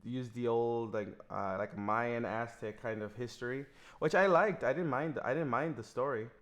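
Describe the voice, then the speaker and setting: A man's voice: mid-range voice, a bit bright. A man co-hosting a movie review podcast, talking casually with frequent restarts and fillers. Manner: halting, many restarts and fillers. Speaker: podcast co-host.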